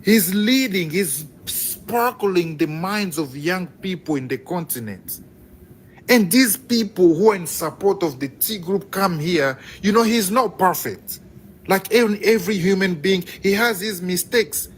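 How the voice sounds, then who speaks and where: A man's voice: high-pitched, a little slow. A man from Congo, calling in to a live stream with impassioned, emphatic commentary. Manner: fervent, emphatic, rising with excitement. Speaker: caller. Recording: faint background noise.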